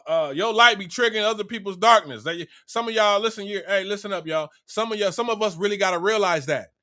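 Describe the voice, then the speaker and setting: High, bright-voiced man ranting. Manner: animated, preachy, streetwise slang. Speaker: vlogger. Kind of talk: profane motivational rant.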